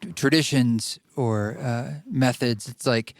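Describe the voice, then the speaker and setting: A man's voice: medium pitch, slow pace, no echo. Reflective male podcast host, dry sound. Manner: reflective, affirming. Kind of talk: conversational interview.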